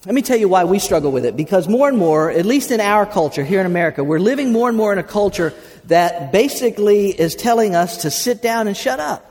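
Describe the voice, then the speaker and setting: Speaking briskly in a high, animated voice with a darkish tone, this pastor spins folksy tales during his sermon and urges the congregation to respond. His words echo through a reverberant sanctuary.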